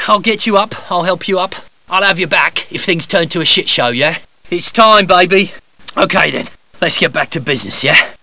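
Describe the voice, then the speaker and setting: A man's voice: sits high, gravelly, sharp tone, heavily acted. An actor voicing a brash, foul-mouthed male heist gunman in game voice lines, crude and rallying his crew. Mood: cocky. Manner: crude, swearing, cheering teammates on.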